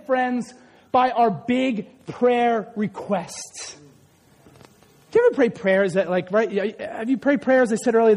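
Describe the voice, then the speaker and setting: A male preacher delivers his sermon in a very high, animated voice. He often breaks into shouts, then drops to quiet asides and keeps checking in with the congregation. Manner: keeps asking the congregation "right?".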